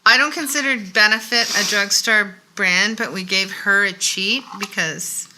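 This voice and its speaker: A woman's voice: medium pitch, unhurried, noisy background. A woman co-hosting a casual makeup chat, joking and rambling a little. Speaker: co-host.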